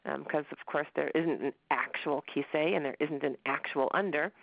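A woman's voice: sits low, steady tone, normal speed, vocal fry, no echo. Woman teaching a religious class. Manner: conversational, with jokes and laughter. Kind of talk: class lecture. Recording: dull, dry audio.

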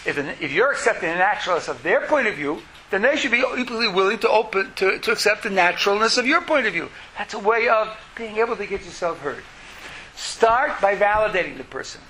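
A man teaching a lecture as a religious teacher, in an animated way that acts out quotes in lively voices. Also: sits high, brisk, a little hiss or hum, rough recording.

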